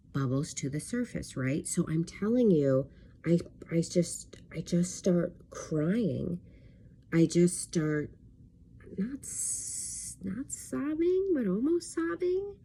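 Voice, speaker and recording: A woman's voice: on the low side, a little slow, warm tone, a little hiss or hum. A woman who works as a life coach, telling a personal story in a candid, rambling vlog style with plenty of fillers. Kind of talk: casual talking-to-camera vlog.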